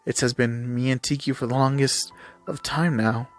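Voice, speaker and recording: A man reading fan fiction aloud, voicing an ancient heroine woman who is a calm, patient, gently teasing mentor. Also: mid-range voice, normal speed, faint music behind, lightly acted.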